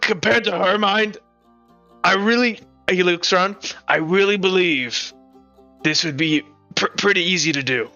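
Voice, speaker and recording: A man's voice: sits high, a little slow, sharp tone. A man running a tabletop game as game master, narrating with frequent stammers and laughs. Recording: dull stream audio with faint music.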